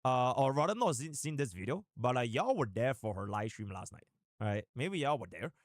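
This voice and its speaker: Animated, lively male live streamer. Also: mid-range voice, dry recording, clean studio sound. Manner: animated and rambling, with sudden fast bursts. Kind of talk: casual live-stream chat.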